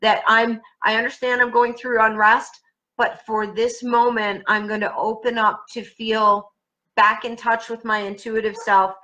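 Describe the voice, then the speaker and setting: A woman psychic speaking from home in a casual live-stream chat, gentle and reassuring with her viewers. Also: medium pitch, low-quality recording. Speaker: professional psychic.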